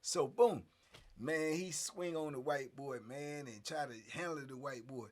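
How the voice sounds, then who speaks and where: A middle-aged man telling a story in casual streetwise slang, animated and acting out the scenes. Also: on the high side, unhurried.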